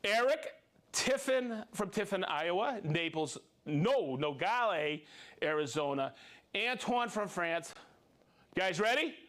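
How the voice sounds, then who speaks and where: A man hosts a livestream, cheerfully calling out viewers' names and hometowns between chatty asides. His voice sits high, with a fairly bright tone, and he speaks slowly and with plenty of animation.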